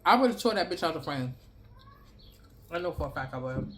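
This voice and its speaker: A woman's voice: low-pitched, lively intonation, normal speed, fairly bright tone. Blunt, profane woman telling a story. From New York City. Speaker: vlogger. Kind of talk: casual storytelling to camera.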